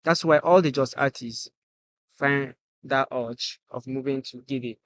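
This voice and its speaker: A man's voice: medium pitch, unhurried, no room sound. A Nigerian man talking as the guest musician on a casual podcast, earnest and saying "you get" again and again.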